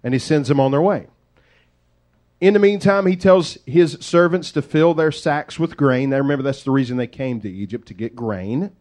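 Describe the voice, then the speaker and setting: A man preaching, retelling a story in a lively, conversational way with folksy asides. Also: mid-range voice, moderate pace. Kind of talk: sermon storytelling.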